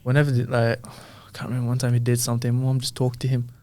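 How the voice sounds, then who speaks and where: A man telling a family anecdote on a casual podcast, with a mid-pitched voice and an easygoing delivery. He quotes himself as he goes. The sound is dry and close to the mic. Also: completely flat delivery, fast, mellow, no room sound. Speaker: podcast co-host. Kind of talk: casual storytelling chat.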